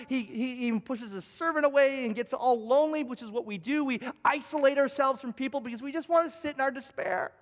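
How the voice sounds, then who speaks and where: Pastor, male, high voice, earnest and repetitive, preaching live in a church with a long hall echo. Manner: earnest, repeats phrases for emphasis, frequent restarts. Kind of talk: live sermon. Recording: long reverb of a large hall.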